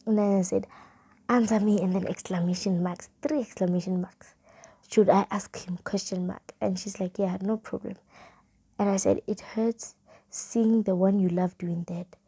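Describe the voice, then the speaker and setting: A young South African woman with a South African accent, casually telling a storytime vlog and reading old chat messages aloud in a soft, half-whispered way. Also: mid-range voice, steady tone, normal speed, husky. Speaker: vlogger.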